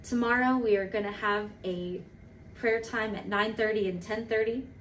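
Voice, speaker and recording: A woman in her thirties giving a casual devotional talk as a church leader, animated and playful, with quick asides. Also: mid-range voice. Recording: recorded from a distance with faint noise.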